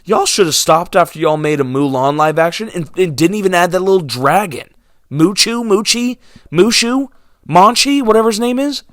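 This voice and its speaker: A man's voice: high-pitched, normal speed, a bit bright, no room sound, clean studio sound. A young man ranting casually to his viewers about movies and theaters, sarcastic and exasperated, dropping to mumbles and then flaring up. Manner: exasperated, sarcastic, swinging between mumbles and outbursts. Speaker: movie vlogger.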